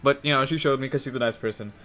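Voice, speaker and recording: A young man casually telling a work story for his gaming channel, animated and cursing, acting out the other people in shifting voices. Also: mid-range voice, very fast. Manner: animated, swears, acts out quotes in shifting voices. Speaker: gaming youtuber. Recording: faint music underneath.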